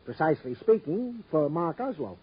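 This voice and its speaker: A good-natured, long-winded police sergeant. His voice sits high and a bit husky. The sound is the muffled tone of an old radio broadcast. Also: very animated, moderate pace, full character voice. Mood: cheerful. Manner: folksy, wordy, good-natured. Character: chatty wordy police sergeant, good-humored. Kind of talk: 1950s radio drama acting. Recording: dull old radio recording.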